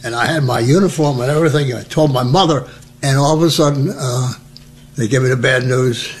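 An older man from New Jersey, telling his wartime memories as a lively storyteller who acts out the voices. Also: mid-range voice, fairly quick, slight background noise. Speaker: veteran recounting memories. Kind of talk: oral history storytelling.

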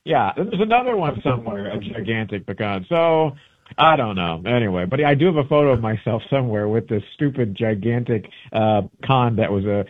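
A man's voice: mid-range voice, animated, fairly quick. A man, a travel book author, chatting in a radio interview and telling rambling stories, often correcting himself mid-sentence. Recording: tinny phone-line audio.

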